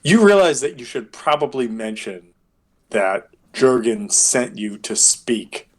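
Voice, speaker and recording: A man in the middle pitch range runs a tabletop game as game master. He rambles through his scenes, piling on fillers as he goes. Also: sing-song, slow pace.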